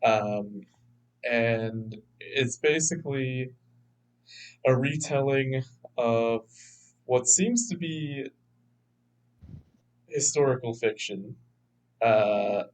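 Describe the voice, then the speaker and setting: A man's voice: mid-range voice, drawn-out words, long pauses, rough recording. A man co-hosting a film podcast, chatting casually, rambling and laughing as he talks. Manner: rambling, laughs often, acts out quotes. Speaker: podcast co-host. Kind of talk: casual chat.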